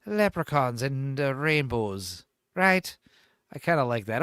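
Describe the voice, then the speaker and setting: A man hosting a casual livestream, talking in a rambling, animated way with lots of fillers. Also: medium pitch, slow, clear, resonant tone, no echo, studio quality. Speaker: host.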